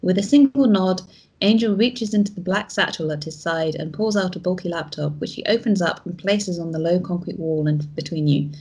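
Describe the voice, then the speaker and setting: A woman hosting a let's play, reading a text game aloud with measured, dramatic narration. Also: lowish voice, a little mellow, husky. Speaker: host.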